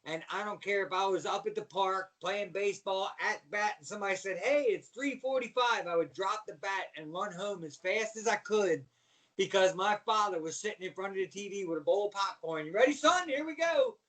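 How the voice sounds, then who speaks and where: A middle-aged man from Baltimore, a former wrestler, telling slangy, animated stories as a podcast guest. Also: sits high, brisk, recorded from a distance, low-quality recording. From Baltimore, USA. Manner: animated storyteller, slangy, says "man" a lot. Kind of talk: casual storytelling interview.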